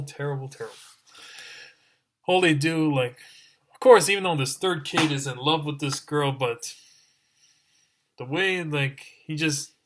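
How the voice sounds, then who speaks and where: Exasperated man ranting, bright voice. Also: mid-range voice. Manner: exasperated, exclaiming over and over. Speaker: online reviewer. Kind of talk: ranting review.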